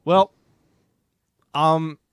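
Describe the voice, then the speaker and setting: A man's voice: a little high, steady tone, very slow, smooth, dry recording, clean studio sound. A man co-hosting a podcast in casual chat, joking and upbeat, laughing often. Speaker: podcast co-host.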